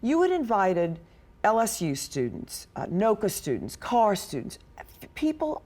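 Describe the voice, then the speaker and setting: A woman with a New Orleans accent hosts a TV interview. She asks chatty questions in a voice whose pitch swoops up and down a great deal. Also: a little slow. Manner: warm, chatty, animated questions. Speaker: TV reporter and interviewer.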